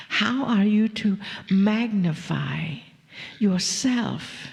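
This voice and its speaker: Slow gravelly woman channeling in echoey hall. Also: medium pitch, animated. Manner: slow and breathy, drifting into whispers with soft laughs. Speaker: channeler addressing a live audience. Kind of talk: channeled spiritual message.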